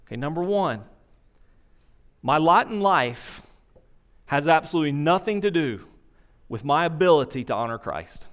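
A male pastor preaching a sermon, driving points home with emphatic, drawn-out phrases and rising and falling intensity. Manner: emphatic preaching with swings in pitch and slow stressed phrases.

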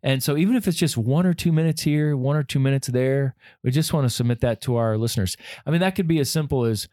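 A man's voice: medium pitch, fast, hardly any pauses, warm tone, dry recording, clean studio sound. A man co-hosting a podcast for pastors, chatting casually and recapping resources with easy fillers. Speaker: podcast co-host.

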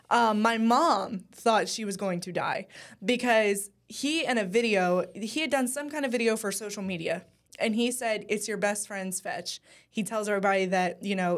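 Chatty young woman co-hosting a talk show. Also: mid-range voice. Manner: chatty and enthusiastic, with frequent ums. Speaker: co-host at a news station. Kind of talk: casual chat.

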